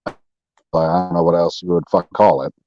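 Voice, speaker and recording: A man co-hosting a live pop culture stream, chatting casually with excited swearing. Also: low-pitched, brisk, lo-fi sound, a little hiss or hum. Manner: excitable, profane.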